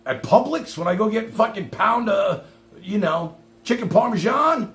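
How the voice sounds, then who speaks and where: A man's voice: sits high, expressive, unhurried, a bit bright. A man hosting a livestream and ranting at a caller in a sarcastic, profane, combative way. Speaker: livestream host. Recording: echoey room with faint hum.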